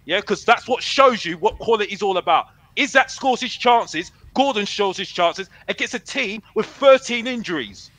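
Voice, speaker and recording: A man's voice: high voice, animated, moderate pace, few pauses, fairly bright tone, dry recording, low-quality recording. A man, a football fan arguing heatedly on a fan show, brash and boastful, repeating himself. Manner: brash, boastful, repeats himself, calls himself Mister Box Office.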